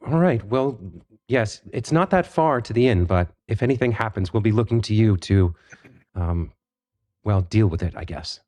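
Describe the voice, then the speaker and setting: A man narrating a tabletop role-playing game as game master, relaxed and with many fillers. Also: fairly low pitch, moderate pace.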